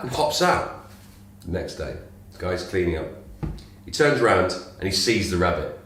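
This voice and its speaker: Male co-host, casual and playful, animated intonation; recorded in a strongly echoing room. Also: sits low, moderate pace, a little hiss or hum. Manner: lively, playful storyteller. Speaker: podcast co-host. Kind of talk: casual chat and joke-telling. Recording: echoey room.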